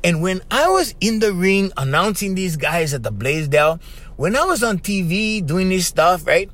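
A man with a Hawaiian Pidgin-tinged accent, hosting a podcast and telling a story in a casual monologue, animated and always saying "bro" and "right?". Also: sits high, normal speed. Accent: Hawaiian Pidgin-tinged English. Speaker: podcast host.

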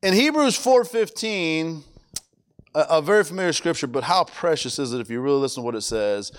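A man's voice: on the high side, animated, brisk, clean tone. A man preaching a conversational sermon, often stumbling over repeated words and asking the congregation questions.

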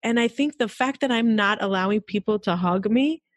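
A middle-aged woman interviewer, candid and animated, who talks in quick bursts as she shares her stories. Her voice sits at an ordinary pitch for a woman. The sound is close and dry, with no room around it. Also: no room sound. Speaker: host. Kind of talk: conversational interview.

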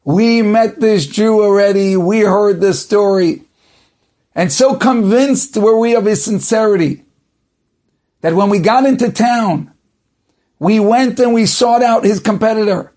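A man's voice: high voice, a little slow, a little mellow, voice pushed up. A man acting out an authoritative male judge who declares his ruling emphatically. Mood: emphatic.

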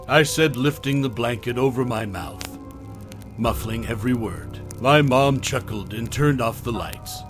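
A man softly narrating a horror tale. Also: medium pitch, animated, moderate pace, faint music behind.

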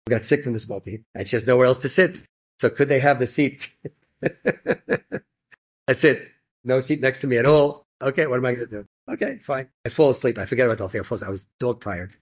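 An older man, a rabbi telling a personal story to a live audience, lively and peppered with Yiddish and Hebrew phrases. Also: mid-range voice, quick pace, breathy edge.

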